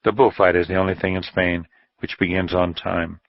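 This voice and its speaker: A man narrating a novel as an audiobook, in a measured storytelling manner. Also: low-pitched, flat delivery, no echo. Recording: dull dry studio audio.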